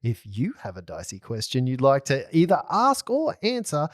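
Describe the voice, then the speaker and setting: A man's voice: mid-range voice, sing-song, moderate pace, hardly any pauses. A man hosting a tabletop game podcast, opening with a playful, theatrical intro and then chatting casually with his players. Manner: theatrical, jokey, sing-song delivery. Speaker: podcast host and game master.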